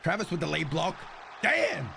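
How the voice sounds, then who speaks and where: Excitable man streaming a football game. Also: fairly high pitch, fairly quick, crowd noise, noisy background. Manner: loud, excitable trash talk. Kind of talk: casual game commentary.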